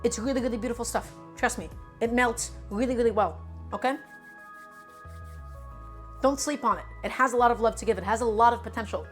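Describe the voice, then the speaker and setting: A woman streaming herself cooking, chatty and emphatic as she talks to her viewers like friends. Her voice sits a little on the high side, with soft music playing quietly underneath. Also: a little fast, pauses often. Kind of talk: casual live cooking stream chat.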